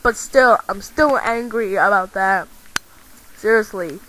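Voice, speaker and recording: A woman's voice: medium pitch, slow pace, a bit bright, slight background noise, rough recording. A woman voicing an angry male toy action figure in a home-made toy video, rambling and repeating herself. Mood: angry, ranting.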